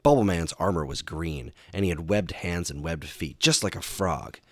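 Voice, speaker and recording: A man with a very low voice reads a children's adventure book aloud. His storytelling is animated and dramatic, pushing up for exciting moments. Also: normal speed, no room sound. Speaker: storybook reader. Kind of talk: audiobook narration for children.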